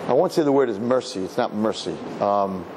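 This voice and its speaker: A man, a rabbi, giving a lively Torah lecture to an audience, acting out other people and dropping in Yiddish and Hebrew words. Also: brisk, background noise. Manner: animated, acts out people with high voices, Yiddish and Hebrew words. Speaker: rabbi teaching a class.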